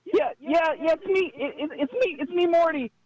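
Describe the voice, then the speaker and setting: A man's voice: moderate pace, darkish tone, no echo. A man voicing a stammering, anxious teenage boy, heard over a dull phone line. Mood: nervous. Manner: stuttering, high and strained.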